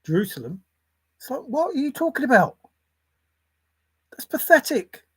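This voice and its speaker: With a high, husky, sing-song voice at a moderate pace, an older grandparent hosting a casual livestream reads the chat and rambles irreverently, cursing offhandedly. There's no echo.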